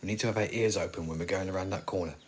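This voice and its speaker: A man's voice: deep voice, very fast, a little hiss or hum, close to an everyday voice. A man in his forties acting a weary, sardonic survivor of a zombie apocalypse in an audio drama, talking in dry, rambling asides. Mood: wry. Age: 40s.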